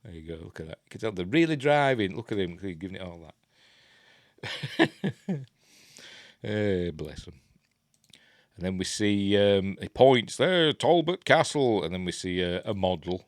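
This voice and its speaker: A man's voice: low voice, expressive, normal speed, pauses often, no echo, studio quality. A man with a Yorkshire accent reviewing films at home in a rambling, self-deprecating way, muttering to himself. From Yorkshire, England. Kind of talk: casual film review chat.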